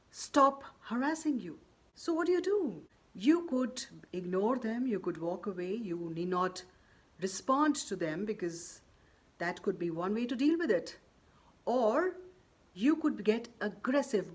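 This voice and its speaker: A woman presenting workplace advice straight to her viewers, in a firm, emphatic way that keeps stepping through examples. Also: mid-range voice. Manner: firm and emphatic, repeating "or you could say" between examples. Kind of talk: direct-to-camera advice talk.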